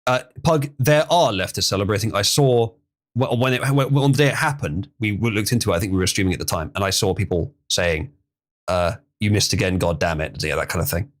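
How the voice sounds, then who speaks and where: A man's voice: on the low side, brisk. A man hosting a livestream, chatting casually, reading chat messages and laughing often. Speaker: livestream host.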